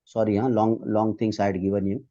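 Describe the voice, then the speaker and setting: A man's voice: fairly low pitch, level tone, fairly quick, warm tone, dull audio. A man with an Indian accent running an online medical exam quiz, patiently drilling students one point at a time.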